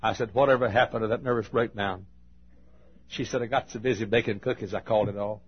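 A man preaching a sermon, telling folksy stories and swinging between loud and hushed delivery. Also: lowish voice, fairly even intonation, fast talker, husky, muffled recording. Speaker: pastor. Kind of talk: sermon storytelling.

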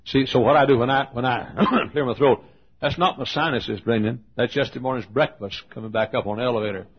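An older man, a pastor, preaching a sermon with a loud voice and lively storytelling. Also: medium pitch, a little fast, breathy edge. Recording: dull lo-fi sermon recording.

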